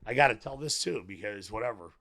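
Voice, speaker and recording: A middle-aged man talks as a podcast guest, his voice sitting a little low. He tells his story candidly and at a wandering pace, breaking into quoted dialogue and laughter along the way. The talk is loose and unscripted. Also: quick pace. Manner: animated, rambling, acts out quoted dialogue, laughs often.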